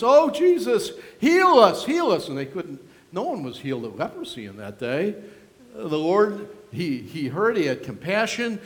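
A pastor from western New York preaching a sermon in a church, acting out prayers and quotes with strong feeling. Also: male voice, high voice. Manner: emotive, acts out prayers and quotes in varied voices. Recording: long hall reverb.

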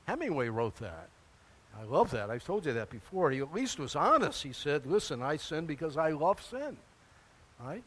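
An older pastor delivers a sermon with a slightly high voice that leaps and dips constantly. He exclaims, stumbles into restarts and throws out rhetorical questions. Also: fairly bright tone, breathy edge.

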